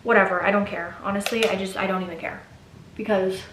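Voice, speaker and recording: A woman's voice: medium pitch, fairly even intonation, quick pace, fairly bright tone, slight background noise. A young pregnant woman talking casually in a get-ready-with-me vlog, rambling with fillers and restarts. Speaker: vlogger. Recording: echoey room.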